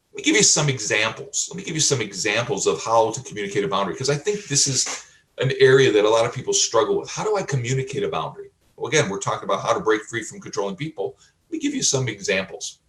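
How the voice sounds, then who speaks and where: A man teaching like a pastor, emphatic and repetitive, asking rhetorical questions and often adding "okay?", with frequent throat clearing. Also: medium pitch, fairly bright tone. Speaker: pastor and life coach. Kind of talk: teaching sermon. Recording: roomy, from a distance.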